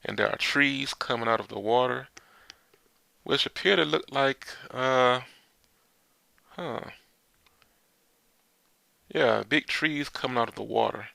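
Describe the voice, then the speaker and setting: A man's voice: medium pitch, slow, vocal fry, pauses often, bright, forceful tone, dry recording. A man casually recapping a comic chapter, rambling with loose filler words and frequent laughs. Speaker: manga chapter reviewer.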